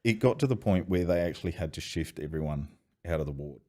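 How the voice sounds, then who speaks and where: A man, telling swearing, animated anecdotes as a podcast guest. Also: low voice, fast. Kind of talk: casual storytelling chat.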